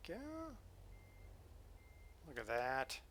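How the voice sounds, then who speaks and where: Bright-voiced joking streamer man. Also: medium pitch, sing-song, takes it slowly, slight background noise. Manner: joking, chatty, explains things to chat. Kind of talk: casual live gameplay chat. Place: home streaming setup.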